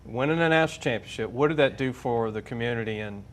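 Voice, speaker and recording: Male sports talk host, chatty, mid-pitched voice, asks loose leading questions. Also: quick pace. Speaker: radio sports show host.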